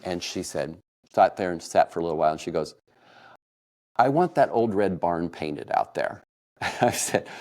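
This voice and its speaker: A middle-aged man from Kansas telling a personal family story, emotional and laughing softly now and then. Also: deep voice, lively intonation, moderate pace. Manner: warm, emotional retelling with soft laughs. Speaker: podcast storyteller.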